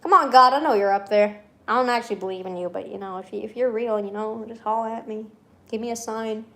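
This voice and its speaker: A woman's voice: fairly high pitch, fast, fairly bright tone. Sarcastic, rambling young woman. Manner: rambling, laughs often, sarcastic. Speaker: vlogger. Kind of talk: casual ranting vlog.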